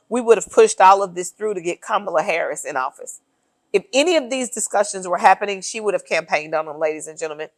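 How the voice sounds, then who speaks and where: A woman's voice: mid-range voice, brisk, no room sound. A woman co-hosting a casual political chat, emphatic and sardonic as she lays out her points one by one. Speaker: podcast co-host.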